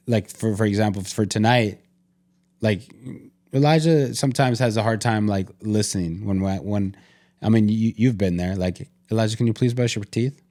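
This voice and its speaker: A man with a fairly low voice speaks on a podcast in a candid, conversational way. He talks earnestly, circling back with frequent fillers and restarts. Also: warm tone. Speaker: podcast co-host.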